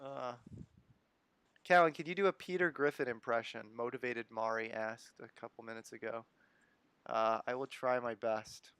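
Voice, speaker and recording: This American live-stream host keeps things casual, chuckling and reading viewers' comments aloud in a relaxed manner. His medium-pitched voice is steady, fairly bright, clear, and resonant at a moderate pace, with no echo.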